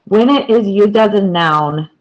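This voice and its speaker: Woman teacher, measured and deliberate, repeats key words, slow delivery, lo-fi sound. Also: medium pitch. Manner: patient, repeats key words and points to examples. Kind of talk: slow, deliberate classroom explanation.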